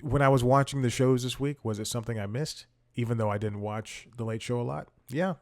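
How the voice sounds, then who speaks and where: Guy hosting a comedy recap show, rambly and chatty, keeps cutting himself off, medium pitch. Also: brisk, a little mellow. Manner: rambling, self-interrupting storyteller. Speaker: host. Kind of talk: casual comedic monologue.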